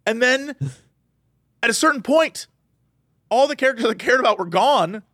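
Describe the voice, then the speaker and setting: A man co-hosting a casual podcast, ranting in an animated way and jumping into quoted voices. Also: extremely high pitch, normal speed, no echo, clean studio sound. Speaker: podcast co-host.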